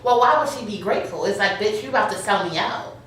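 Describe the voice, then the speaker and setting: A woman's voice: mid-range voice, fast talker, a bit bright. A woman co-hosting a casual TV recap, giving blunt, profane opinions on the characters. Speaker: recap co-host. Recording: echoey room, mic far off.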